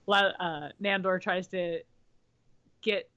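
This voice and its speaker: A woman co-hosting a podcast, chatting casually and haltingly, repeating words as she goes. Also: on the low side, steady tone, bright, forceful tone, clear, resonant tone, muffled recording. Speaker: podcast co-host. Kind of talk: casual chat.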